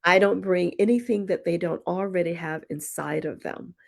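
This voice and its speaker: Woman on a podcast chat, kinda low and gravelly, thoughtful, tells stories and does the quotes. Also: moderate pace. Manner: thoughtful, acts out quoted dialogue in anecdotes. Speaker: podcast guest, poet and retreat founder. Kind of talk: reflective conversational storytelling.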